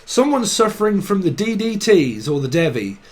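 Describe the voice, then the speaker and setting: A man's voice: high-pitched, very animated, normal speed. Rambling man reading tarot. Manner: free-associating wordplay, giggly asides. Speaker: tarot reader. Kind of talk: rambling tarot channelling monologue.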